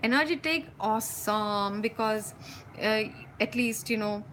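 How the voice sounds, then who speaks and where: A woman hosting a spiritual live stream from home, talking passionately and intensely, speeding up when excited and laughing often. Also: a little high, a little slow, slight background noise, poor audio. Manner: frequent laughs and warm endearments. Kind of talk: live-stream talk to viewers.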